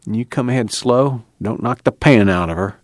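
A man doing a calm practical young man. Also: medium pitch, normal speed, no echo, voice pushed up, natural voice. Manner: calm, easy, dry humor. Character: steady young man, practical older brother.

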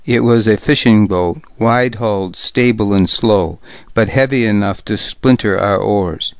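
A man narrating a historical novel in the first person, with a deliberate, gravely serious reading. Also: fairly low pitch, no room sound, highs cut off. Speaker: audiobook narrator.

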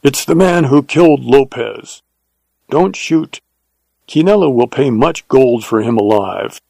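A man's voice: medium pitch, lively intonation, unhurried, vocal fry, a little mellow, no echo. A man reading aloud and voicing a harsh, commanding bandit leader in a western story.

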